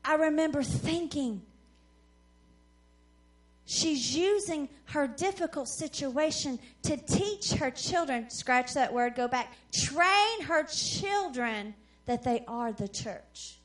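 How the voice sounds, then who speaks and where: A woman with a high voice preaches at a conference. She tells her stories with animation and acts out the voices of the people in them. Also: takes it slowly. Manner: animated storyteller who acts out quoted voices. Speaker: conference speaker. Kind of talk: sermon storytelling.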